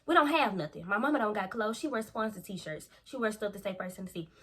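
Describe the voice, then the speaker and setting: Young woman, storytime vlog, slangy animated telling, bright tone. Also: medium pitch, fast, husky. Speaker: vlogger.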